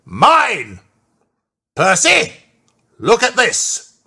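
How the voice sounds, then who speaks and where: Cross pompous railway boss, loud scolding, huskyish, storybook telling, as the reader puts him on. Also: medium pitch, animated, slow, breathy edge, full character voice. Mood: outraged. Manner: loud scolding, grumbling hums. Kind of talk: storybook reading.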